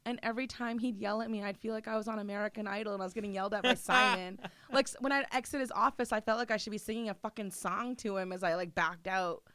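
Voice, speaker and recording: A woman's voice: medium pitch, steady tone, quick pace, hardly any pauses, bright, forceful tone, no room sound. A woman chatting casually as a podcast guest, laughing often and swearing freely. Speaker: interview guest.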